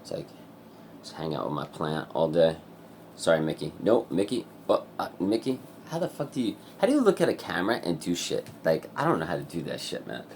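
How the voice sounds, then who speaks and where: A man with a very deep, low voice talks to camera in a loose, rambling vlog. He sounds wired and full of restless energy, swears constantly and keeps breaking into laughs. A faint hiss sits under his voice. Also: big pitch swings, brisk, creaky, darkish tone. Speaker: vlogger.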